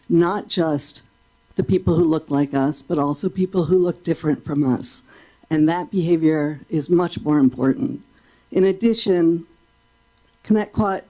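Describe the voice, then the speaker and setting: Mellow, measured woman at public comment. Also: on the low side, low-quality recording. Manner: measured and reasoned. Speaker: public commenter at a school board meeting. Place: school board meeting room.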